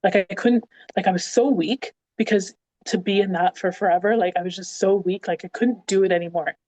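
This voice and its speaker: In a brisk, medium-pitched voice, a podcast guest from Canada shares a casual story, filling it with "like" and animatedly performing the quotes. The recording is rough, with no room sound.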